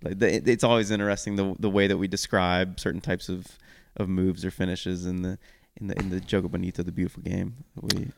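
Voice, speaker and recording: A man's voice: sits low, little pitch movement, fast talker, vocal fry. A man hosting a casual sports podcast, rambling a little and correcting himself as he goes. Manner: rambling, self-correcting, upbeat. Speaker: podcast host.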